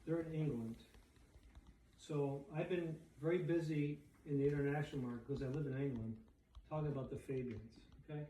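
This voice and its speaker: A man's voice: a little high, fairly even intonation, brisk, warm tone, a little hiss or hum. Chatty man speaking far off in echoey room. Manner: chatty, keeps asking "okay?" and "right?". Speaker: speaker presenting books. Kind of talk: casual talk to a dinner group.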